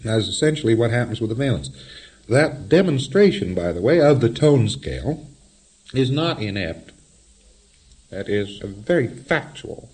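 A man's voice: medium pitch, very animated, normal speed, a little mellow. A man lecturing in a wry, explanatory way, often chuckling at his own examples. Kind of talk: recorded lecture.

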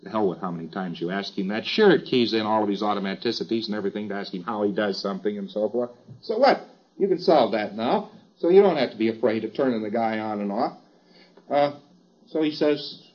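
A man's voice: lowish voice, a little fast, muffled recording. A man giving an informal lecture in a wry, chatty way, with emphatic asides.

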